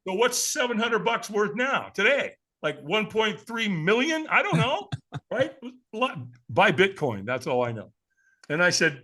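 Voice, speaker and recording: A man's voice: high voice, very animated, normal speed, a bit bright. A man in his sixties, a podcast guest telling a story with animation, acting out the voices of the people he quotes and chuckling along.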